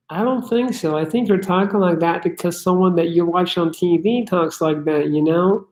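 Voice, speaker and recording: Swearing and blunt, a young man answers chat questions on a casual livestream, reading them aloud and riffing. His voice sits high with a darkish tone, moving at normal speed with hardly any pauses, in an echoey room.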